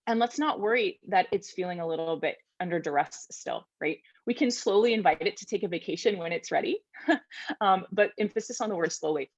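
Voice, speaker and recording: Young woman, low-pitched, workshop presenter, thoughtful and gentle, dry video-call sound. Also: no room sound, highs cut off. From Virginia, USA. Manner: thoughtful, gentle, frequent tag questions. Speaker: vocal wellness presenter. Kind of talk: conference webinar talk.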